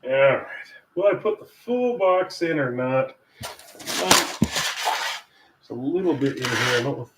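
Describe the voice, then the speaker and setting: Recorded from afar in an echoey home kitchen with faint ambient noise, an American English teacher who vlogs about cooking chats casually on a livestream as he cooks. His mid-range voice is expressive and unhurried, broken by long pauses, and he drifts into asides while chuckling to himself.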